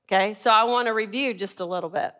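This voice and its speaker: A woman's voice: medium pitch, fast, fairly bright tone. A woman teaching a Bible class, asking the group questions and answering them herself.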